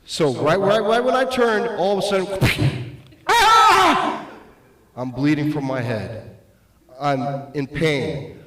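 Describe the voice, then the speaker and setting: A middle-aged man doing stand-up, telling self-deprecating stories that swing between loud bursts and muttered asides. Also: mid-range voice. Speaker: stand-up comedian. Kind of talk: stand-up comedy storytelling. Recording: roomy echo.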